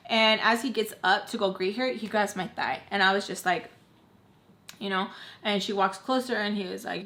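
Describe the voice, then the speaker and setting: A woman's voice: mid-range voice, normal speed, sharp tone. A young woman telling a personal story to camera in a casual, chatty way, full of "like" and acted-out quotes. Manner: chatty, heavy on "like", acts out quoted voices. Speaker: storytime vlogger.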